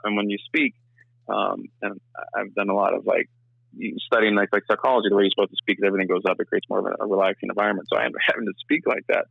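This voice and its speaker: Fast-talking man with a gravelly low voice. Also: steady tone, dry recording, muffled recording. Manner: fast, rambling, full of restarts and "like". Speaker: filmmaker and actor, interview guest. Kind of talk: casual interview chat.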